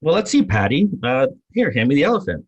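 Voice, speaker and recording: A man's voice: on the high side, wildly swooping pitch, fast, gravelly, voice pushed up, exaggerated voice. A man putting on a matter-of-fact male bank manager who delivers a joke's punchline, on a dull, lo-fi recording. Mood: deadpan.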